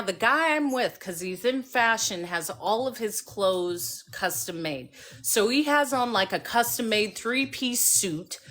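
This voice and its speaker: A woman hosting a casual live stream, telling a lively story and acting out the voices of the people in it. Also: a little high. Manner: animated storyteller who acts out voices. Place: home by a fireplace.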